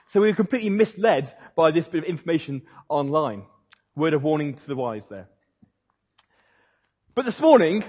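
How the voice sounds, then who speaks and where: A preacher with a fairly high, husky voice tells his sermon like a story. His words ring out with a long reverb through a big hall, and the sound is a little dull, as if picked up from across the room. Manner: storytelling, animated, dropping to a hushed voice for emphasis.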